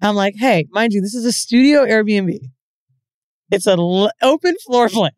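Animated woman with a lively voice. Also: medium pitch, measured pace, no echo, clean studio sound. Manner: animated, profane, laughs often. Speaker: podcast co-host. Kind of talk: casual storytelling chat.

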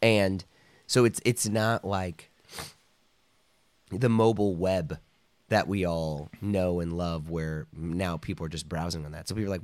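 A man's voice: low-pitched, steady tone, measured pace, darkish tone, dry recording. A man speaking as a podcast guest, telling a loose, rambling story full of "like" and "you know", now and then acting out other people's lines, with a cough here and there. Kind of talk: casual storytelling.

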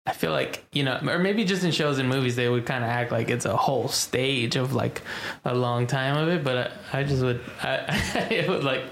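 A woman's voice: a bass voice, moderate pace, vocal fry, few pauses. A woman chatting casually with friends, rambling with lots of fillers and frequent laughter. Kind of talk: casual chat among friends. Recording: roomy with faint background noise.

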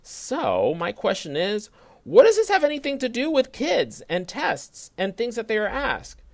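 This is a man co-hosting a podcast who delivers a prepared fact-check segment. He teases and needles his friends with sarcasm. His pitch moves around a lot as he reads. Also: huge pitch swings, measured pace, creaky, darkish tone. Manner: teasing, sarcastic. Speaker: podcast co-host.

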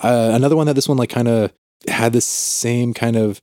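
A man's voice: medium pitch, steady tone, normal speed, mellow, no echo, studio quality. A young adult man chatting casually as a podcast co-host, rambling with lots of fillers and restarts. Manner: rambling with many likes and restarts. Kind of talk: casual chat.

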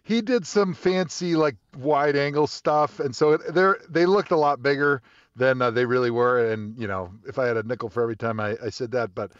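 A man's voice: medium pitch, fairly quick, clear, resonant tone, dry recording, dull audio. A man, a former football player and guest, telling a long story in casual talk, rambling with plenty of fillers.

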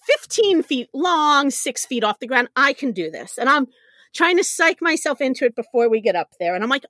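A middle-aged woman, a podcast guest, telling a story with real animation and a habit of laughing at herself. Her voice sits high and swings widely in pitch. The recording is close and dry, with almost no room sound. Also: moderate pace, dry recording. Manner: animated, laughs often, self-deprecating. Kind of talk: conversational storytelling.

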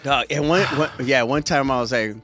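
A man's voice: mid-range voice, normal speed, bright, forceful tone, faint music behind. A man guesting on a comedy podcast, laid-back and swearing as he tells a story in casual chat.

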